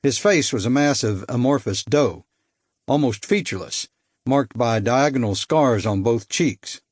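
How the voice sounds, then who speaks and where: A man reads a first-person thriller in a measured, dry manner, at a middle pitch. The recording is close and dead, with no room sound around the voice. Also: expressive, breathy edge, no room sound. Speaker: audiobook narrator.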